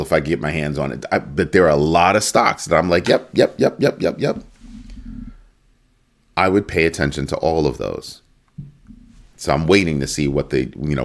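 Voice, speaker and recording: Deep-voiced, animated man ranting. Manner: animated, emphatic, with sudden high exclamations and mock quotes. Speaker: crypto news commentator. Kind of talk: casual solo commentary.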